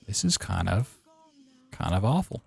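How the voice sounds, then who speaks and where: Low gravelly male streamer. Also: a little slow, a little hiss or hum. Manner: relaxed, rambling, playful. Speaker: speedrunning streamer. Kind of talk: casual live-stream commentary while playing.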